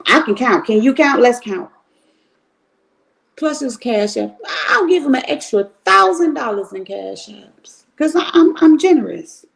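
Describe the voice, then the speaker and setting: A middle-aged woman from Cleveland talks to her livestream audience in a raspy, gravelly voice that sits a little high. She is blunt and animated, cursing freely and stretching out her asides. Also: unhurried. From Cleveland, Ohio. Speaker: livestream commentary host. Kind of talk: casual livestream commentary.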